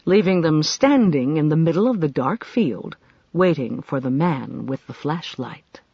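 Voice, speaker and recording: An audiobook narrator reading a mystery novel in measured storytelling. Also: medium pitch, expressive, creaky, husky, no echo, dull audio.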